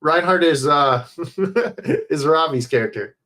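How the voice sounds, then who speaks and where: A man chatting casually on a livestream into a headset mic, rambling, swearing often and filling pauses with "uh". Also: fairly high pitch, animated, pushed and bright. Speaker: streamer.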